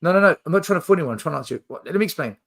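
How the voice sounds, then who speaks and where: A man's voice: a little high, expressive, racing, vocal fry. A man hosting a casual football fan chat, reading out viewer questions in a chatty way. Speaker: podcast host.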